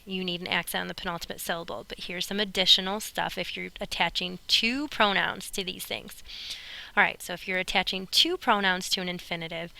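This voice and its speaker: A woman gives a recorded grammar lesson in a bright, clear voice that sits a little low. She sounds chatty and upbeat and talks straight to her students. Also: rough recording. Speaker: Spanish teacher. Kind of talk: recorded classroom lesson narration.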